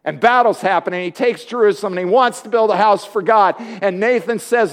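A man's voice: sits high, fairly quick, few pauses. A man preaching a sermon, retelling a Bible story playfully and joking with his congregation.

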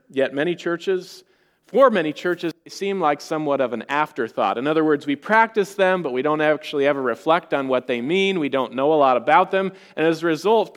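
A man preaching a sermon as pastor, measured and earnest, with a reverent tone when he prays. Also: fairly high pitch, big-room sound.

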